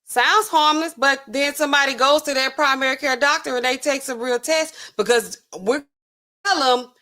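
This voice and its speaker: A woman pharmacist hosting a casual reaction commentary, talking in a sassy, colloquial, animated way. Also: normal speed. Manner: animated, sassy, colloquial, swings pitch for emphasis. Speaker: pharmacist host.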